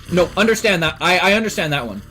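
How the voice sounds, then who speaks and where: A man's voice: high voice, bright, forceful tone. A man from Canada streaming and chatting casually with his viewers, blunt and emphatic with plenty of swearing.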